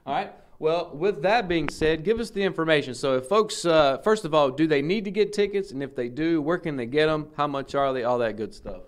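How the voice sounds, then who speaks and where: Smooth-voiced news host. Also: male voice, on the high side, expressive, brisk, hardly any pauses. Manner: friendly, conversational questions with many "uh"s. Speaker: host of a local news show. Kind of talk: TV interview.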